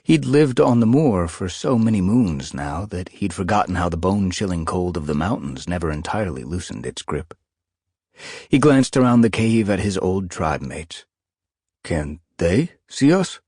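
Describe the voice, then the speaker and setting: A male narrator reading a children's animal fantasy audiobook with expressive storytelling. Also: deep voice, normal speed, husky, no room sound, clean studio sound. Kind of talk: scripted narration.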